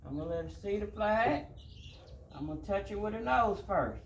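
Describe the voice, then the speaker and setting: A man, a horse trainer talking casually through his work in a soft, hushing, calming voice, outdoors. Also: high-pitched, normal speed, reverberant, a little hiss or hum. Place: outdoors at a horse pen with farm birds.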